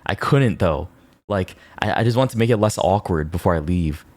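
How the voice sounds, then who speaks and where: A man's voice: low-pitched, animated, moderate pace, darkish tone, no echo. A male streamer casually telling a story, rambling with lots of "like" and tag questions.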